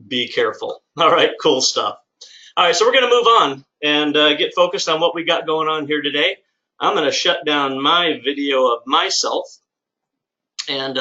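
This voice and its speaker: A man with a mid-range, sharp-toned voice hosts a live lunchtime webinar, recorded with lo-fi sound. He owns a service business and pitches in an upbeat, chatty, salesy way, saying "all right" again and again.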